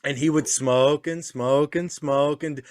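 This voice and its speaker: A man's voice: fairly high pitch, steady tone, measured pace, a little mellow, dry recording, studio quality. A man in casual chat, a father telling crude stories with swearing and laughs. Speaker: podcast co-host, father.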